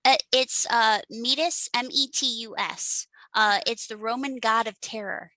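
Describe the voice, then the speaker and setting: A woman author from Western New York talks with a bright, forceful voice, recorded dry and close. She wanders between thoughts, pausing on ums and uhs and poking fun at herself as a podcast guest. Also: fairly high pitch, no echo, rough recording. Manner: scattered, self-deprecating, many ums and uhs. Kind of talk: casual podcast chat.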